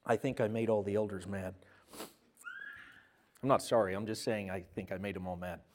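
A man preaching a sermon as pastor, telling stories with lively, self-mocking humor. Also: lowish voice, moderate pace, slight background noise. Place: church service.

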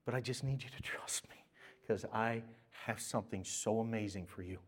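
A man voicing God as a gentle, loving father, speaking softly and partly in a whisper. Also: on the low side, moderate pace, natural voice. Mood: tender. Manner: soft, hushed, partly whispered.

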